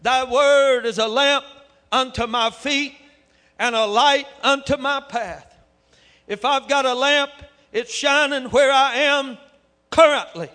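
A man preaching a sermon with fervor, his voice building up to shouts. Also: extremely high pitch, steady tone, slow. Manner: fervent, rising to shouts. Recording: echoey hall with long reverb.

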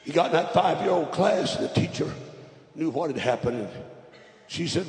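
A man from Georgia, preaching a storytelling sermon that swings from hushed to loud. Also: on the high side, expressive, moderate pace. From Georgia, USA. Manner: dramatic, builds from hushed to loud. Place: large revival meeting hall. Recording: roomy hall with long reverb.

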